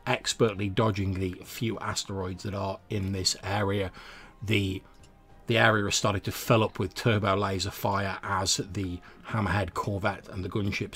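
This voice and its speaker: Game master, male, low and husky, steady descriptive narration.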